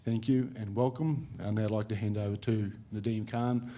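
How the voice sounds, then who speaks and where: A man delivering a formal welcome speech for the organising committee, in a measured, deliberate way. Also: fairly low pitch, fairly even intonation, background noise.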